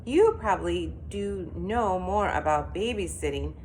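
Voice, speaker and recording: A woman voicing a harried young mother in a read-aloud storybook, talking in a fretful, hurried way. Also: on the low side, lively intonation, darkish tone, slight background noise.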